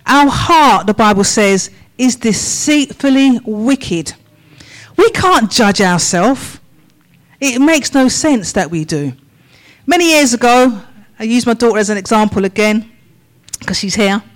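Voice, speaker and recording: In a church sermon, a woman with a fairly high, animated voice puts a series of slow, measured questions to the congregation. The recording quality is low.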